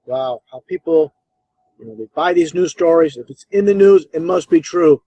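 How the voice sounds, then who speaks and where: A man's voice: fairly high pitch, animated, normal speed, warm tone, lo-fi sound. A man giving scornful, insistent commentary over old clips. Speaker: video commentator.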